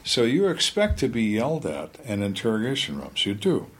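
A man's voice: mid-range voice, wildly swooping pitch, fairly quick, husky. A middle-aged man, a former police interrogator, tells stories in a casual interview and acts out the people in them.

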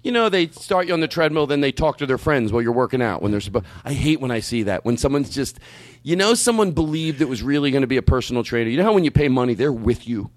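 Brief: male host, casual chat, animated, swears, dry booth. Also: mid-range voice, fast talker, no echo. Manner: rambling storyteller, animated, swears. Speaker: podcast host.

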